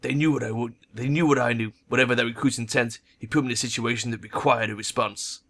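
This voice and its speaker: A hard-nosed female troll veteran mercenary, as a man puts her on, speaking in curt, clipped, unsentimental lines. The voice is bright and sharp-edged, never softening. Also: medium pitch, fairly even intonation, fast. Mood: stern. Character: blunt stern female troll ex-soldier mercenary.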